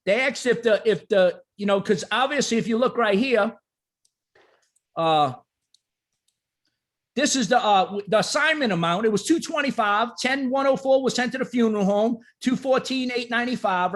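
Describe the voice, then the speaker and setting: Very high-voiced man telling a story. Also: normal speed. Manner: emphatic, animated, repeats "right?". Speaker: insurance agent sharing a client story. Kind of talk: emotional storytelling testimony.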